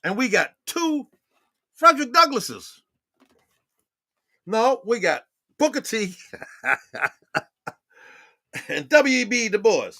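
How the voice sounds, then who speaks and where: A man's voice: sits high, big pitch swings, takes it slowly, long pauses, bright, forceful tone, dry recording, clean studio sound. A man in his sixties giving a rambling, profane livestream monologue with laughing asides. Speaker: livestream host. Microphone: phone or webcam on a live stream.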